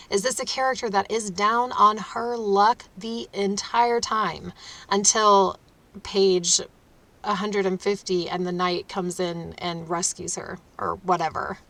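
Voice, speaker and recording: A woman's voice: medium pitch, fairly bright tone. A woman who narrates audiobooks, giving an instructional talk to authors in an emphatic manner with short laughs.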